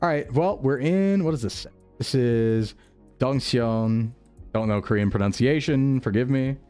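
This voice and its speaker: A young man streaming a geography game chats casually with his viewers, joking and laughing a lot. This VTuber has a mid-range, warm, clean voice and speaks at a measured pace. Faint music plays in the background.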